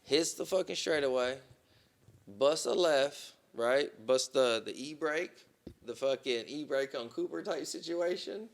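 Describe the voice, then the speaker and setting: Animated profane man telling a story. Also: measured pace, gravelly. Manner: animated, profane, repeats "boom" and "right?". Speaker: podcast co-host. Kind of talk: casual storytelling.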